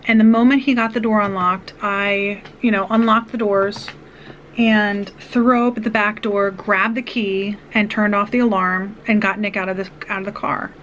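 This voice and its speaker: A woman vlogger tells a personal story in an earnest, rambling way, circling back with restarts and asides. Her voice sits at a middle pitch. A faint hiss runs under her words. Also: fairly even intonation, normal speed, fairly bright tone, lo-fi sound.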